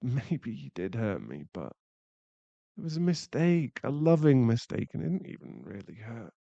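A man's voice: medium pitch, sing-song, normal speed, vocal fry, mellow, no room sound, lo-fi sound. A man voicing a young boyfriend who is hot-tempered but remorseful, in a whispered role-play, swearing and then murmuring apologies.

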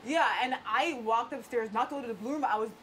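Lively woman retelling a story. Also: on the high side, quick pace, slight background noise, rough recording. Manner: animated storytelling, acting out quotes. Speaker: reality game contestant. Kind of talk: casual group chat. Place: house, indoors.

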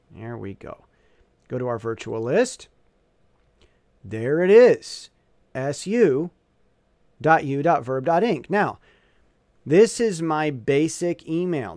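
A man giving a casual software walkthrough, thinking aloud as he clicks through, often restarting and correcting himself. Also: mid-range voice, dry recording. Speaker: tutorial presenter.

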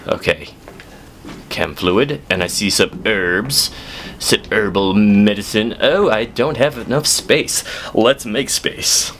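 A man giving horror game let's play commentary, talking to his viewers and swinging from low muttering to sudden yelping shouts. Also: noisy background.

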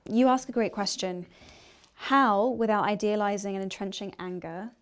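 A woman's voice: mid-range voice, fairly even intonation, smooth. Young woman asking interview questions. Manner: measured, appreciative questioning. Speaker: interviewer, book club host.

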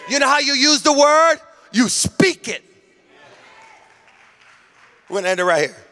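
High, bright-voiced shouting preacher. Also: male voice, expressive, normal speed, pauses often, a faint crowd. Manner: emphatic, repetitive, often shouting. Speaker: senior pastor. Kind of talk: sermon. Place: church sanctuary.

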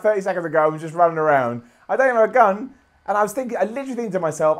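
Brief: games journalist, slightly high voice, lively self-mocking play-by-play. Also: male voice, rapid-fire. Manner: self-deprecating, swearing, muttering to himself. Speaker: games journalist playing a video game. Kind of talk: gameplay commentary.

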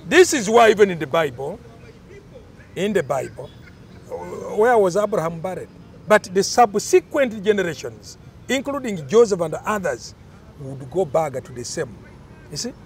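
A man's voice: high voice, very animated, normal speed, a little hiss or hum. An older man, explaining cultural traditions in an emphatic, storytelling way during an interview.

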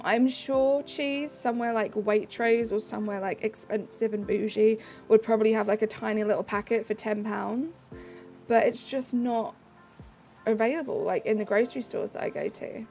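A young woman live streaming, answering chat messages in a bubbly, casual way. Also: a little high.

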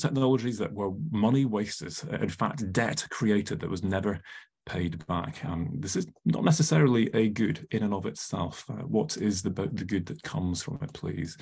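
A man's voice: fairly low pitch, dark tone, slightly rough. A man presenting a live online workshop, chatty and full of ums, often asking the audience questions over a video call.

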